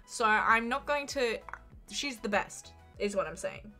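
A woman's voice: on the high side, animated, a little slow, bright, forceful tone, faint music behind. A young Australian woman from Queensland, rambling and swearing as she chats casually with her live-stream audience. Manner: rambling, swearing, jokey, frequent laughs. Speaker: livestreamer.

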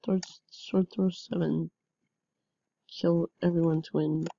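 A woman giving casual game commentary, excitable, with frequent yelps and laughs. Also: lowish voice, slow, gravelly, muffled recording, noisy background. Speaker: gameplay commentator.

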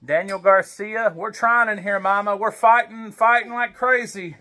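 A man's voice: sits high, steady tone, normal speed, bright, forceful tone. A man casually opening wrestling card packs at home, reading names aloud and chatting to his baby as he goes. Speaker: wrestling card collector vlogger. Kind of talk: casual pack-opening chat.

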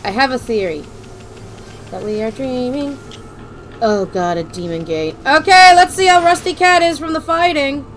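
Loud joking lady streaming a game, kinda high voice, mic off to the side. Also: very animated, normal speed, a little hiss or hum. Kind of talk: casual gameplay stream chat. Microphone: desk mic off to the side.

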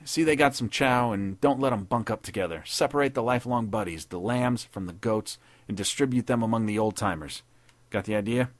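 A man's voice: fairly low pitch, brisk, no echo, natural voice. A man voicing a stern, bitter army captain who barks and sneers his questions. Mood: commanding. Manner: barking, sneering and savage.

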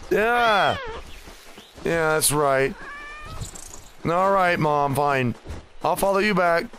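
A gaming channel host plays a let's play, speaking slowly in a fairly high, fairly bright voice with slight background noise. He chats playfully and swears, talking in first person as his cat character and adding mock meows over the game music.

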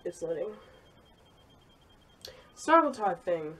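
A woman's voice: lowish voice, very animated, takes it slowly, fairly bright tone, breathy edge. A young woman vlogging casually, rambling and laughing at herself as she looks through old files. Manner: rambling, self-deprecating, giggly. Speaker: YouTuber. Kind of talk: casual vlog commentary.

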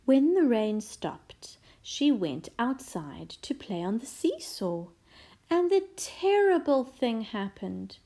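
Very slow expressive woman storyteller. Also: on the high side. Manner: very slow, expressive, with whispered asides. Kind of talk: children's picture book read-aloud.

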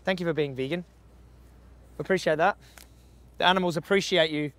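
A high-pitched man with a bright, cutting voice, heckling workers and passers-by outside a slaughterhouse. He talks bluntly and swears freely as he argues. The sound comes from a handheld camera out on the street. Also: a little fast. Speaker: animal rights activist. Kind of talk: confrontational street activism. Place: outdoors by a slaughterhouse.

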